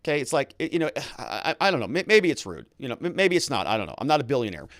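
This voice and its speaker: A male legal commentator talks with a lively, swooping pitch, going from wry asides to mock outrage as he reads documents aloud. His voice sits at a mid pitch. The room sounds dry and close to the mic. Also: racing, no room sound. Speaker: lawyer and legal commentary host.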